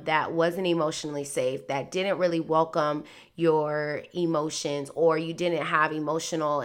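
A woman's voice: sits low, a bit bright. A woman in her thirties hosting a podcast, talking candidly and earnestly about faith and lessons learned, full of "like" and "um". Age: 30s. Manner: candid and conversational, many fillers like "like" and "um"; earnest, faith-centered encouragement. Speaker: podcast host. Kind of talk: reflective personal podcast monologue.

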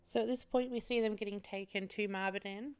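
A woman's voice: mid-range voice, fairly even intonation, brisk, darkish tone, clear, resonant tone. A young woman hosting a podcast, casually reviewing a film in a chatty, sweary way and breaking into laughter often.

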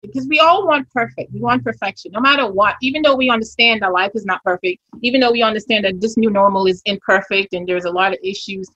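A woman's voice: medium pitch, fast talker, few pauses, pushed and bright, muffled recording. A woman with a Grenadian accent, a travel agent speaking candidly as a guest in a casual interview.

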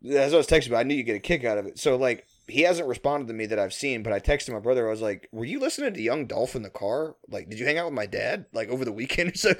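A man's voice: mid-range voice, very animated, fast talker, few pauses. Rambling, laughing man telling stories. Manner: rambling storyteller, swears, laughs often. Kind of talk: casual chat.

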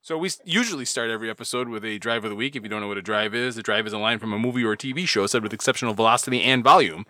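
A man's voice: on the low side, rapid-fire, few pauses, pushed and bright, no room sound. A man hosting a podcast in casual banter, swearing and exasperated at his cohosts. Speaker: podcast host.

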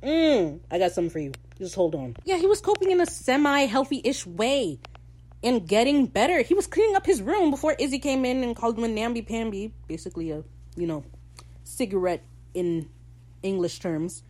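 A woman hosting a podcast, recapping a show in casual, sarcastic, animated rants full of slang. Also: on the high side, moderate pace. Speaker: podcast host.

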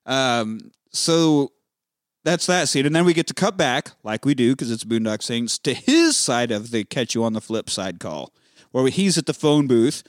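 A man's voice: a little high, lively intonation, moderate pace, dry recording, studio quality. A man casually recapping a film as a podcast host, swearing freely and acting out the characters' lines. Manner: profane, acts out characters' lines.

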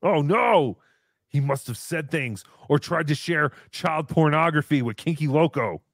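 A man's voice: fairly high pitch, expressive, a little slow, no room sound, studio quality. A man voicing a brash, boastful comic character who talks about himself in the third person while hosting a livestream. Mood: mocking. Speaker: show host character. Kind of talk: livestream comedy banter.

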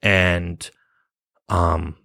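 Young adult male vlogger, rambling and profane, low-pitched, dry recording. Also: little pitch movement, very slow, gravelly, sharp tone, no room sound. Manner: rambling, heavy cursing, nervous laughs. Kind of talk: casual personal story.

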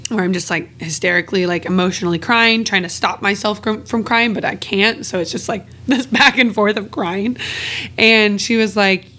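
Her medium-pitched voice sounds pushed and bright, with fairly even intonation at a moderate pace. As a podcast co-host she talks openly and casually, cursing freely and slipping laughs between phrases.

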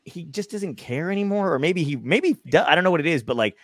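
Animated, profane man in casual chat. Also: on the high side, fast, no echo, studio quality. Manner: profane, animated, laughing often. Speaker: podcast co-host. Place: home, on a video call.

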